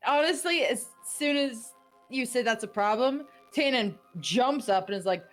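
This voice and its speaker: A woman narrating a tabletop game as game master in a casual, animated way. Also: high-pitched, soft background music. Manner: animated, casual, quick to laugh.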